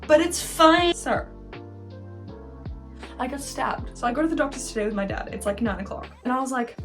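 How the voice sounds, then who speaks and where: A woman's voice: sits high, expressive, moderate pace. A young woman telling a rambling storytime on her bed, swearing constantly and talking animatedly while she paints her nails. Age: young adult. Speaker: vlogger. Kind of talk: casual storytime chat. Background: faint background music.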